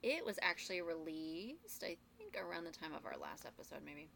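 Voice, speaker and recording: A woman's voice: fairly low pitch, big pitch swings, a little fast, vocal fry, fairly bright tone, a little hiss or hum. Chatty young woman co-hosting a podcast. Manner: chatty, laughs often, uses fillers. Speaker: podcast co-host. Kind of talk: casual podcast chat.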